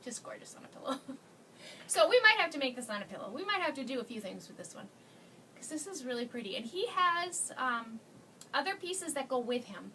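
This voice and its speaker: A woman's voice: sits high, big pitch swings, fairly quick, bright, forceful tone, recorded from a distance, slight background noise. A woman hosting a casual live craft demo, chatty and gushing, laughing often as she talks to viewers. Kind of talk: casual live-stream chat.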